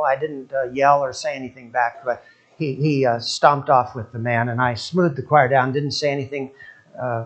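Storytelling and prayer fill an older man's sermon as he moves from hushed softness to loud emphasis and back. His voice is a little high.

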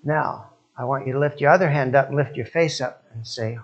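An older man preaching a sermon, telling stories and leading prayer, moving between soft, hushed passages and loud, emphatic ones. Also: medium pitch, fairly even intonation, brisk, few pauses, highs cut off.

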